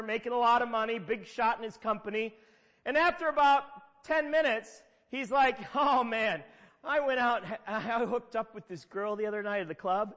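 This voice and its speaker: A man's voice: high voice, a bit bright. A middle-aged man preaching a sermon, telling stories conversationally with emphatic repetitions. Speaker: pastor. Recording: long hall reverb.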